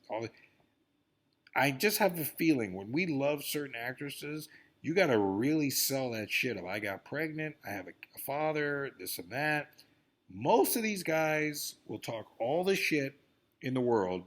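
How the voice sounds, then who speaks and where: A man rants into the camera, rambling and swearing freely as he moves from low grumbling to sudden outbursts. His pitch jumps around a lot, and his mid-range voice keeps bouncing up and down. It is loose, unscripted vlog talk. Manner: profane, rambling, swings between grumbling and outbursts. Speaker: vlogger. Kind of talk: rambling celebrity-news rant.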